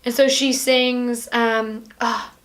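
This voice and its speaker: A woman's voice: fairly high pitch, flat delivery, takes it slowly, background noise. A woman hosting a podcast, chatting casually and animatedly as she retells a film, full of "like"s and acted-out quotes. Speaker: podcast host. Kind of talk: casual chat recapping a film.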